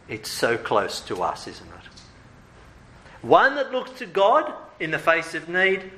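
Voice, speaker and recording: A man preaching a sermon in a lively, humorous way, with playful asides. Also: on the high side, a little slow, long pauses, roomy sound, slight background noise.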